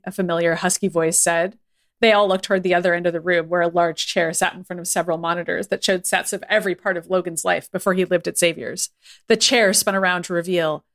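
A woman's voice: on the low side, fairly bright tone. A woman co-hosting a podcast, reading a silly fan story aloud with playful laughter. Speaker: podcast co-host. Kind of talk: comedic reading of fan fiction.

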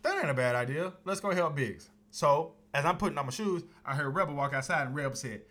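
A man co-hosting a podcast, telling a story in casual chat with lots of laughter and sudden high-pitched outbursts. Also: fairly quick. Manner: animated, laughing storyteller, voice jumps high when excited. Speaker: podcast co-host.

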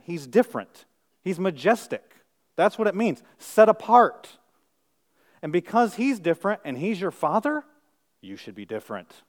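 A man preaching a sermon as pastor, conversational and self-deprecating, swinging from quiet asides to loud, emphatic peaks. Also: medium pitch.

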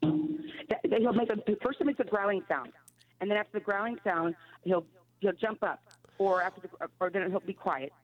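A woman caller on a radio call-in show, talking in halting, restarting phrases. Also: medium pitch. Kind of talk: phone call-in. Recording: dull phone line.

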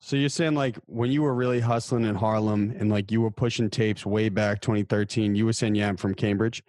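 A man hosting a podcast, asking questions in a relaxed, casual way. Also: lowish voice, a little fast, no echo. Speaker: podcast host.

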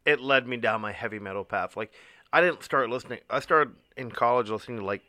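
A young man chatting on a podcast with a bright, forceful voice, recorded dry and close. He talks enthusiastically and swears freely. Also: medium pitch, fast, dry recording. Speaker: podcast co-host. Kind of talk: casual chat.

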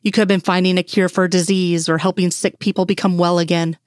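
A woman's voice: lowish voice, flat delivery, fast talker, a little mellow, no echo, clean studio sound, lightly acted. A woman reading a stern, sneering male bureau chief. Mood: weary stern. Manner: cold, clipped, condescending. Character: stern male FBI assistant director, sneering.

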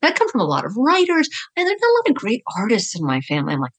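A middle-aged woman, a writer and teacher, chatting as a guest in an interview, telling lively stories and laughing often. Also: on the high side, rapid-fire, few pauses. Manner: animated storyteller, laughs often, loose and chatty. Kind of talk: conversational interview.

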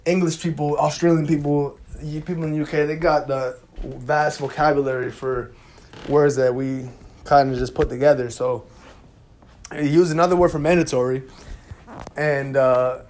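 Animated, profane young man recapping. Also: fairly high pitch, moderate pace. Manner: animated, slangy, profane storytelling; fills gaps with "da, da, da". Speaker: TV recap vlogger. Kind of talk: casual episode recap.

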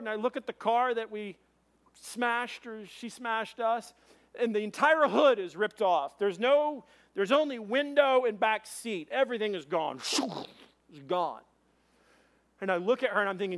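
A man preaching a sermon as pastor, telling a story in an animated way with quoted voices. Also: high voice, normal speed.

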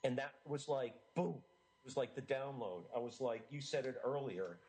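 A middle-aged American man gives an eager interview in a voice of ordinary pitch for a man. He is earnest and animated, often restarting his sentences as he pushes his ideas forward. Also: moderate pace, low-quality recording. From United States. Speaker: author and interview guest. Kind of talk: enthusiastic interview talk.

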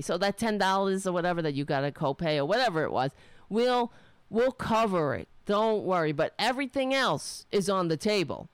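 A middle-aged woman with a nasal voice holds forth as a solo talk host, her pitch leaping up and down as she swings between sarcasm and cursing. Her tone is smooth and clear. The sound is dry and close, with no room in it. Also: moderate pace, no echo. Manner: animated, sarcastic and profane, talking to herself between thoughts. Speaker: show host. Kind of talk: casual political talk monologue.

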